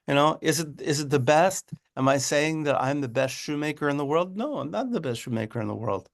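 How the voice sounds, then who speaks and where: A man giving an informal, animated class talk on a religious text, repeating words and often asking "right?". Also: a little high, a little fast, creaky.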